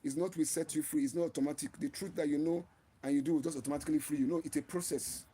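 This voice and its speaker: A man's voice: fairly high pitch, fairly even intonation, rapid-fire, warm tone, slightly rough. A man hosting his own channel, giving an impassioned, preachy live-stream talk and often repeating and restarting his phrases. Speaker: channel host.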